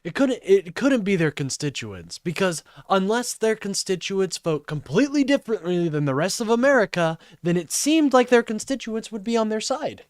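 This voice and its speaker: A man's voice: high-pitched, big pitch swings, moderate pace, hardly any pauses, no echo, clean studio sound. A man live streaming commentary, ranting and swearing in exasperation.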